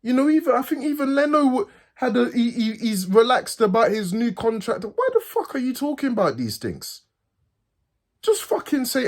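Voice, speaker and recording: A man, a football fan host, ranting furiously, swearing and repeating himself, his voice swinging from high outbursts to low mutters. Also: sing-song, moderate pace. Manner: pitch swings from loud highs to low mutters. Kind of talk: angry fan rant.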